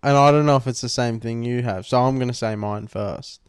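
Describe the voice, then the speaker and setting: A man's voice: mid-range voice, fairly even intonation, a little fast, clean tone, dry recording. A young man, co-hosting a podcast in laid-back, swearing chat. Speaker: podcast co-host. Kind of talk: casual chat.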